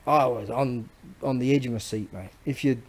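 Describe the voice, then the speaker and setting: A man with an Australian accent, rambling casually and excitedly as he shows off items he sells. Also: medium pitch, normal speed, slightly rough, rough recording. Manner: rambling, excitable, slangy, with frequent restarts. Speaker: online seller showing items. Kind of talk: casual rambling show-and-tell.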